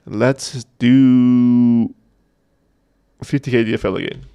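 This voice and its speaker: Gravelly-voiced man chatting on a livestream. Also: mid-range voice, steady tone, slow pace, dark tone. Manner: chatty, joking, reading chat aloud. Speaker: host of a community livestream. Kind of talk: casual livestream chat.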